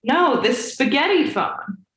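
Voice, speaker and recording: A woman's voice: sits high, big pitch swings, slow pace, a bit bright. A woman in her twenties co-hosting a podcast over a video call, chatting casually in a dry, teasing way. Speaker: podcast co-host. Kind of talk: casual chat. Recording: roomy echo on video call.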